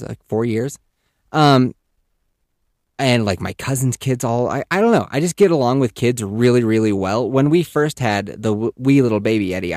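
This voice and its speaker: A man in his thirties tells a rambling personal story as a podcast host, casual and animated, dropping swear words and breaking into little character voices. His pitch swoops up and down freely as he talks. The sound is close and dry, with no room echo.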